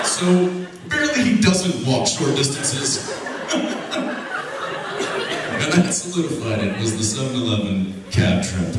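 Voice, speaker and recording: A man's voice: mid-range voice, very animated, measured pace, pauses often. A man on a convention panel wrapping up an amused story. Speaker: panel guest. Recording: echoey hall, far mic, loud noise.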